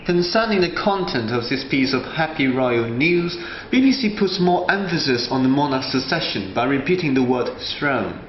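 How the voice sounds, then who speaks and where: A male student presenter reading a scripted analysis in a measured way. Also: medium pitch, sing-song, slight background noise. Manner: reads a prepared analysis in a measured way. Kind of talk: scripted narration. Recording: roomy, slightly dull sound with faint ambience.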